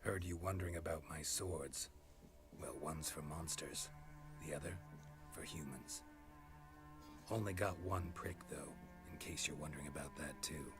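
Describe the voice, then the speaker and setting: An actor playing a gruff, grim male witcher who speaks tersely, with dry deadpan in a game scene. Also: unhurried, music in the background. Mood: dry menace. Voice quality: deep, gravelly and low-spoken. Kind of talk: video game voice acting.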